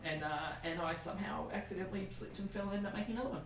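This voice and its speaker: A woman's voice: medium pitch, very fast, roomy sound, distant mic, a crowd in the background, rough recording. An Australian woman in her forties, a comedian telling candid stories in casual chat, laughing and swearing freely. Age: 40s. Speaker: comedian guest.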